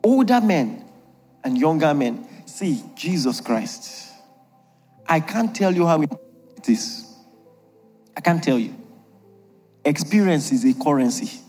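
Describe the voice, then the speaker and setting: A man's voice: fairly high pitch, very animated, takes it slowly, long pauses, darkish tone, in a large hall, soft background music. A man preaching a humorous sermon on marriage, jokey and emphatic, laughing often at his own lines.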